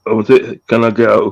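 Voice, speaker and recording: A man's voice: medium pitch, creaky, lo-fi sound. A man hosting a casual live-stream chat, reading out viewers' messages with frequent laughter. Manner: laughs often, reads out chat shout-outs. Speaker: host.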